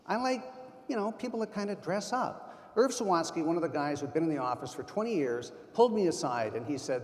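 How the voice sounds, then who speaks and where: Man, 60s, keynote speaker; slightly raised pitch, punchy storytelling, echoing big hall. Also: lively intonation, brisk, a little mellow. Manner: emphatic, anecdotal storyteller. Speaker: keynote speaker at a sales conference. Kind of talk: motivational conference talk. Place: large conference hall. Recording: long hall reverb.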